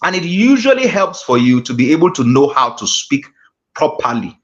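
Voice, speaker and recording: A man's voice: mid-range voice, sing-song, normal speed. A man, a guest mentor giving a motivational class talk with emphatic, repeated phrases. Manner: emphatic, preacher-like repetition. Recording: dull lo-fi call audio.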